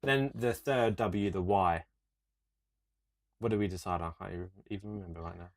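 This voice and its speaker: A young man, co-hosting a casual podcast and telling stories in an animated, sweary rant. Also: low-pitched, normal speed. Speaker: podcast co-host. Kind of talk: casual chat.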